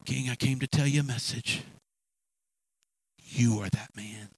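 A man preaching, voicing a calm, firm male prophet who speaks quietly and steadily. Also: medium pitch, unhurried, husky, no echo. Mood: grave.

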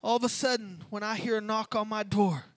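A woman preaching an impassioned sermon, swinging from hushed pleading to shouted declarations and repeated appeals. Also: mid-range voice, steady tone, brisk, dry recording.

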